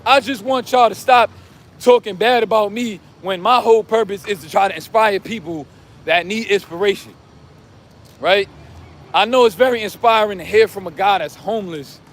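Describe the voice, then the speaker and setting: A man vlogging outdoors who rambles in street slang and keeps saying "you know what I'm saying", while he is losing his voice and going hoarse. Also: sits high, moderate pace. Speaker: vlogger and self-styled life coach. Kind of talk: casual monologue to camera.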